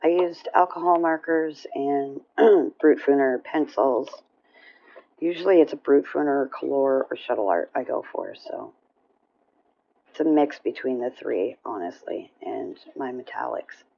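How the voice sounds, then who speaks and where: Low-voiced chatty woman, lo-fi recording. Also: measured pace. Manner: chatty, rambling, frequent throat clearing and fillers. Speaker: coloring vlogger. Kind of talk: casual show-and-tell chat.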